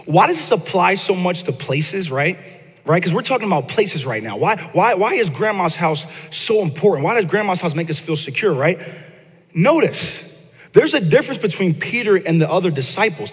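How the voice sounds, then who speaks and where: A man with a high, slightly rough voice preaches a casual, conversational sermon to his congregation, often repeating words and putting questions to them. He's in a church sanctuary, and the recording carries the long reverb of a church hall.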